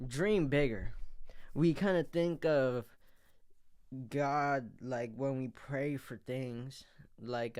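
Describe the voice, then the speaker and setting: A young man muses his way through a personal check-in at an unhurried, drawn-out pace. His voice is smooth and clear, and he rambles with frequent fillers and casual swearing. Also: mid-range voice, darkish tone. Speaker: vlogger.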